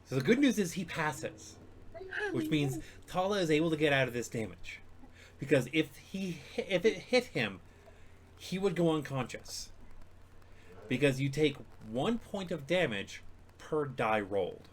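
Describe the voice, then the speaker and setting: A man's voice: a little high, big pitch swings, unhurried, slight background noise. A man running a tabletop game session as dungeon master, casual and laughing, swearing freely.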